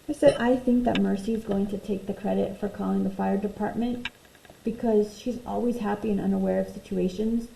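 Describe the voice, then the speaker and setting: A woman's voice: mid-range voice, normal speed, vocal fry. A woman teacher reading a picture book aloud and talking expressively to young pupils for a virtual class. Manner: expressive, talks to young pupils between read passages. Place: home room, virtual class recording. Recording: roomy echo, faint noise.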